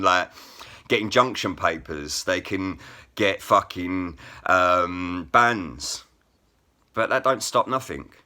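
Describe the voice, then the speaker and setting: Brief: man, angry vlog rant, low voice, wildly swinging pitch, hard-edged and profane. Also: bright, forceful tone. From England. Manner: blunt, heavily profane, repeats "bruv" and "innit". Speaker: vlogger and rap poet.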